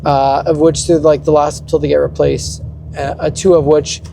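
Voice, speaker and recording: A man's voice: a little high, level tone, normal speed, gravelly, warm tone, slight background noise. A young man in a rambling, profane rant, often restarting. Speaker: vlogger. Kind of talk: ranting monologue.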